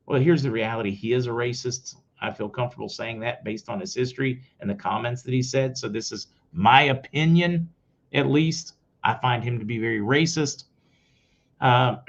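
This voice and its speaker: A man hosting his own news commentary show, giving blunt opinions straight to his viewers. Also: mid-range voice. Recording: slightly dull lo-fi audio.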